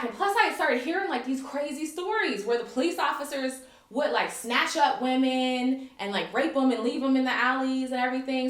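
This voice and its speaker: An American woman telling a story in casual conversation, animated and profane, acting out what people said. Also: high-pitched, brisk, echoey room. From United States. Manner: animated, profane, acts out dialogue. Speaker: guest, longtime expat.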